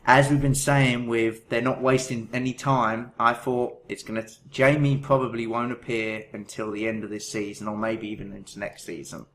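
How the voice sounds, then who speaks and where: A man's voice: medium pitch, fairly even intonation, moderate pace, hardly any pauses, fairly bright tone. Casual podcast man, faint background hiss. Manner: rambling, self-correcting, laughs while telling. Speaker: podcast co-host. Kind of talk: casual chat.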